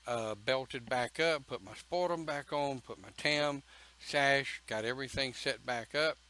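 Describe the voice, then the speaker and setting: A man speaks slowly and takes his time, pausing often between phrases. His voice is bright and forceful, with a folksy, emphatic storytelling manner. He sounds like he is talking casually to a camera. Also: medium pitch, a little hiss or hum, low-quality recording. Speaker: pagan church speaker.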